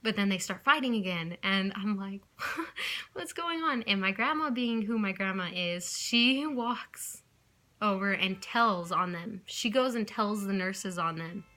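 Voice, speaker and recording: Chatty young woman with a bright voice. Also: mid-range voice, a little slow. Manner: rambling, chatty, often apologizing and backtracking. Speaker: vlogger. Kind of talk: casual storytelling to camera.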